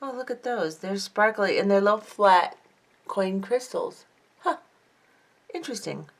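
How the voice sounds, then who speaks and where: Unboxing craft beads at a lamp-lit home craft table, a woman vlogger who makes jewelry reads each piece aloud and admires it in a casual chat. She speaks in a mid-range, creaky voice, expressive and unhurried.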